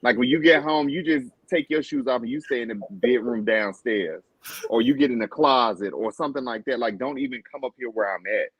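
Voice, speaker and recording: A man with a husky, slightly breathy voice talks in an amused, chatty way on a recap panel. The sound is dry and close, with little room around it. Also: medium pitch, a little fast, dry recording, dull audio. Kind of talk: casual show recap chat.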